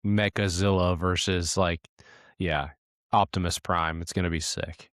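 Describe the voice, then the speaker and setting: A young man with a deep, low voice trades relaxed jokes on a casual sports podcast. The sound is close and dry, without echo. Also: unhurried. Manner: laid-back joking banter. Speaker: podcast co-host.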